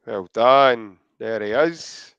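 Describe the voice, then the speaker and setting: Scottish male podcast host, gravelly, chatty and teasing, dry muffled audio. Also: mid-range voice, extremely slow, a bit bright, no echo. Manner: joking, chatty, hesitant. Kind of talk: casual podcast chat.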